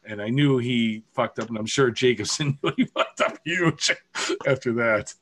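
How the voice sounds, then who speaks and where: A middle-aged man hosts a casual podcast from a video call. His voice sits at an ordinary middle pitch. He tells a long, rambling story and swears freely. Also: a little slow, a bit bright. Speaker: podcast host.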